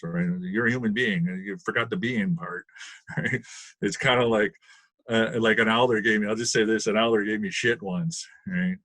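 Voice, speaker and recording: Husky low-voiced guy on a video call panel, rambly, keeps saying right, dry sound. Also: fairly bright tone, dry recording. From Canada. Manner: rambling, often asks "right?", laughs often. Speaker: webinar panelist. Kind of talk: casual panel discussion.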